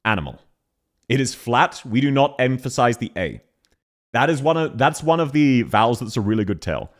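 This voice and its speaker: A man's voice: medium pitch, lively intonation, normal speed. A young man with a Canberra Australian accent, casually chatting on a live stream, laughing and swearing often.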